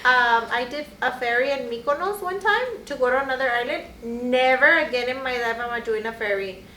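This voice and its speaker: A woman's voice: high-pitched, fairly quick, bright, forceful tone, roomy sound, a little hiss or hum, rough recording. A young woman co-hosting a casual podcast chat, blunt and emphatic with slangy talk. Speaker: podcast co-host.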